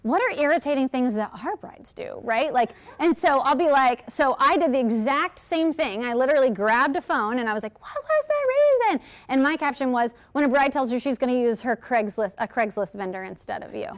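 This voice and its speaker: A woman giving a lively, chatty workshop talk, answering audience questions and acting out quotes. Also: sits high, brisk, hardly any pauses. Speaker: speaker at a workshop.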